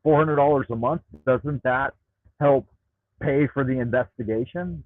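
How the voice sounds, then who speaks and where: A man's voice: mid-range voice, a little slow, no room sound. A man hosting a livestream, ranting profanely and rambling, repeating words when worked up, talking into a Bluetooth headset. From United States. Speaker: livestream host reading chat. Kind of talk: ranting live chat. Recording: tinny dry Bluetooth audio.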